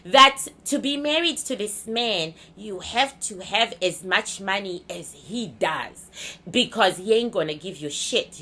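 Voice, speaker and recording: A woman from Zimbabwe talking to her viewers in a casual, rambling monologue, candid and crude, swinging between loud and laughing. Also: on the low side. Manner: blunt, candid storytelling with crude language. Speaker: vlogger.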